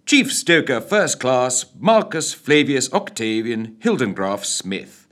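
A man's voice: mid-range voice, very animated, slow, fairly bright tone. A man voicing a cheerful, jovial seafaring stoker in a radio story reading. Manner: jovial and hearty.

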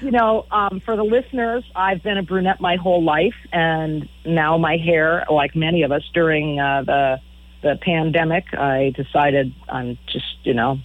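A woman's voice: sits low, fairly even intonation, moderate pace, dry recording. A middle-aged woman, a musician guest on a radio interview, telling stories frankly and often repeating words as she talks. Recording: phone-line audio.

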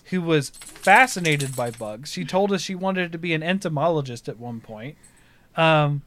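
A man in his thirties, chatting casually and telling a story with animated delivery, often laughing as he talks. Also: a little high. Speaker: podcast co-host, parent.

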